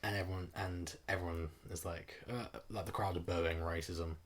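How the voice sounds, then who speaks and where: A man's voice: low voice, fairly even intonation, moderate pace. A man co-hosting a podcast, rambling through a story in casual chat with lots of fillers. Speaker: podcast co-host.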